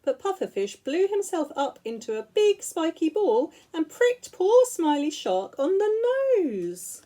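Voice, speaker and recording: A woman teacher reading picture books aloud to young children in an expressive, sing-song way. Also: very high voice, a little slow. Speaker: school teacher.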